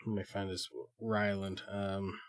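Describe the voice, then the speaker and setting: A man's voice: low-pitched, level tone, a little slow. A man co-hosting a podcast in casual chat, joking around with lots of swearing. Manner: profane, joking banter. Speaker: podcast co-host.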